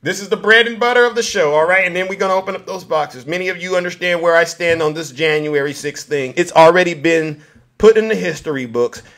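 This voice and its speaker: A man's voice: high voice, brisk, a bit bright. A man hosting a political commentary vlog, mocking his targets and talking straight to his audience. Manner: mocking, addresses audience directly. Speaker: host.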